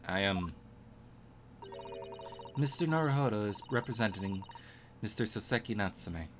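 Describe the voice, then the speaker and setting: A man's voice: fairly low pitch, animated, measured pace, background noise. A man voicing an earnest young male lawyer in a game, speaking formally and courteously. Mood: polite.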